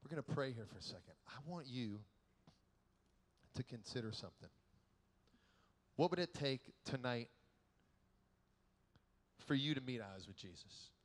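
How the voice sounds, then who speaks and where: A man giving a keynote sermon at a youth conference, telling stories in an animated, joking way and acting out the people in them. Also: medium pitch, normal speed, long pauses. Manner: animated, joking storyteller who acts out quotes. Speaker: keynote speaker. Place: large conference hall. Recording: echoey large hall.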